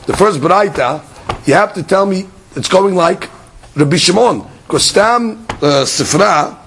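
Male Talmud teacher, higher voice, animated lecture, faint hiss behind. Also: unhurried. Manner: animated explaining, mixing Hebrew-Aramaic terms into English, repeats words.

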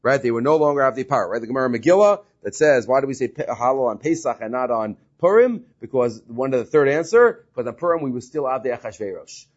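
Husky man teaching a Talmud class. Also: medium pitch, expressive, fast, hardly any pauses. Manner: explains Hebrew and Aramaic text then paraphrases it, with frequent fillers and restarts. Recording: dull lo-fi recording.

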